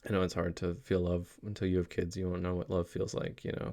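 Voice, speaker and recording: A man's voice: low-pitched, flat delivery, quick pace, darkish tone. A young adult man talking to his kids in a casual, reflective vlog, rambling earnestly with many fillers and restarts. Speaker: father vlogging a daily reflection.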